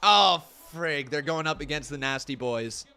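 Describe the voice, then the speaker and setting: A man hosting a live watch-along stream, giving running commentary and talking straight to his viewers. His voice sits a bit high and sounds bright and forward. He keeps it upbeat and laughs often. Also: animated, unhurried, clean tone, soft background music. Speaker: host.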